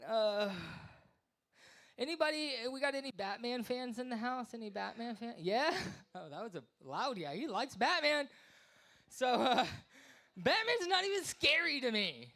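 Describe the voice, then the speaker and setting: A man's voice: extremely high pitch, very animated, unhurried, sharp tone. A man in his thirties works through an open-mic stand-up set. He rambles, mocks himself and slips into silly voices for the characters in his jokes. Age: 30s. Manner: rambling, self-deprecating, acts out voices. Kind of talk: stand-up comedy. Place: small live venue.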